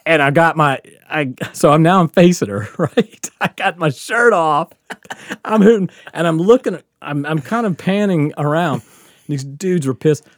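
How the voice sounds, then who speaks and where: Podcast co-host, a man in his fifties: animated, profane storyteller with a lively voice, recorded dry. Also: on the high side, normal speed, no echo. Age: 50s. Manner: animated, profane, laughing through a wild story. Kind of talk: casual storytelling chat.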